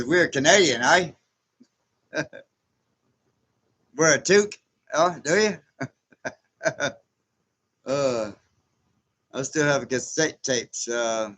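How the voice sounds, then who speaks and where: A man's voice: mid-range voice, a bit bright. A man in his sixties chatting casually as host of a livestream, reading viewer comments aloud, rambling and chuckling often. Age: 60s. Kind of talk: casual live chat.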